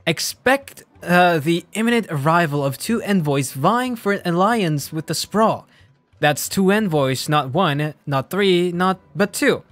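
A man's voice: sits high, animated, measured pace, a bit bright, no room sound. A man streaming a video game, laughing often and reading the game text aloud.

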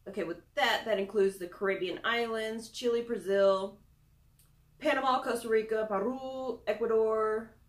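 A woman's voice: fairly high pitch, fairly even intonation, moderate pace, echoey room. A young woman chatting casually through a product review, self-deprecating with giggly asides. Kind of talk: casual screen-recorded review.

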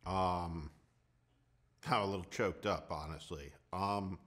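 A deep-voiced man hosts a podcast and answers his guest in slow, quiet words. His voice stays low and soft-spoken. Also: steady tone. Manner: quiet, moved, speaking slowly. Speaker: podcast host. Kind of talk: interview reactions.

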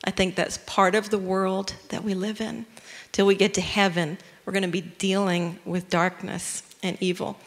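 An animated woman preaches a sermon in a chatty, conversational way at a middling pitch. Her voice carries through a church with a long hall reverb. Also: normal speed. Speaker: guest speaker.

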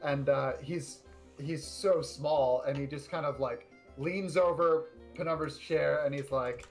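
A man's voice: a little high, unhurried, soft background music. A man casually narrating his character in a tabletop game, rambling with many fillers.

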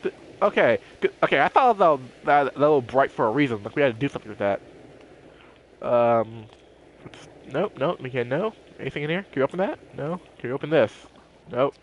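A man's voice: mid-range voice, lively intonation, brisk, highs cut off, a little hiss or hum. A man giving casual let's-play commentary, playful and jokey, talking to himself as he explores. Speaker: gameplay commentator.

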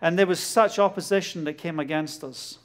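A middle-aged man with a Glasgow Scottish accent gives a testimony sermon, telling a story with lively bursts and acting out dialogue. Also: a little high, moderate pace. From Scotland. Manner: animated storytelling, laughs often, acts out dialogue. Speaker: preacher.

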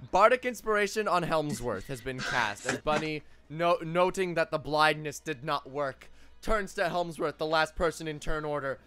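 A man's voice: fairly high pitch, normal speed, a bit bright, faint music behind. A young man running a tabletop game as game master, laughing often and rambling with fillers and restarts.

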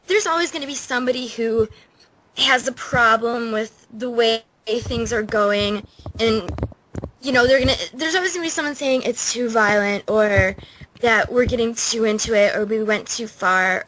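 A woman's voice: a little high, normal speed, fairly bright tone, a little hiss or hum, poor audio. A woman on a casual podcast, ranting bluntly and swearing freely.

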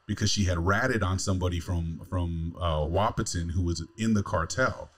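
A man's voice: deep voice, normal speed. A man in his forties from California, hosting a podcast, telling a long story casually, swearing and laughing as he goes. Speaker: podcast host.

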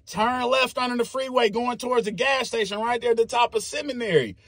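A man, telling a story casually in a very high, husky voice. He talks in an animated, profane way and makes his own sound effects. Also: a little fast, no room sound, studio quality.

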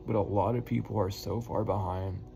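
A man with a low, gravelly voice speaks straight to his viewers as a spiritual healer. He sounds earnest and encouraging, often repeats words, and swears casually. Clear music plays behind him. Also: steady tone, a little fast, warm tone. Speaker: spiritual healer giving messages. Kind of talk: heartfelt spiritual message to viewers. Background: music playing.

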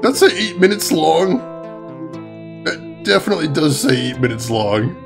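A man's voice: a little high, big pitch swings, moderate pace, creaky, music in the background. A man casually commenting on his game while chatting with viewers and laughing often. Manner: chatty, reads chat aloud, laughs often. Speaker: gaming streamer. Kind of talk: casual let's-play commentary.

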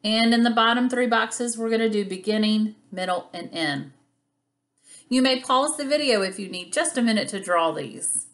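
A woman teacher reading a picture book aloud for young children in a video lesson. Her voice rises and falls a great deal, and she guides the class patiently with warm encouragement. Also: on the high side, lively intonation. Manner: patient, encouraging, speaks slowly to young learners.

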